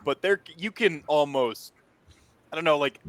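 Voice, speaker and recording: A man's voice: on the high side, normal speed, dry recording. A man acting as game master, narrating a tabletop game in a loose, rambling way with many fillers and restarts.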